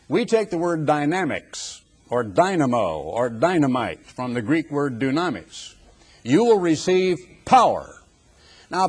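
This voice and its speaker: An older man preaching a dramatic sermon, building forceful rhetorical lists. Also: a little high, breathy edge.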